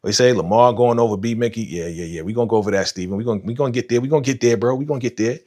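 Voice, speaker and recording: A man hosting a live stream, giving casual, animated reaction commentary full of slang and talking to chat viewers by name. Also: medium pitch, very fast. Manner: animated, slangy, retells scenes with voiced quotes. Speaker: livestream host reacting to a TV episode.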